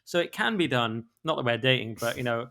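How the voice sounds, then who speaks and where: A British man talking quickly in a bright, forceful voice, opinionated and chatty. He jumps between his own voice and quick impressions of others as he co-hosts a podcast. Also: mid-range voice, creaky, a little hiss or hum. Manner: fast, animated, acts out voices of others. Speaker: podcast co-host. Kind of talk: casual opinionated chat.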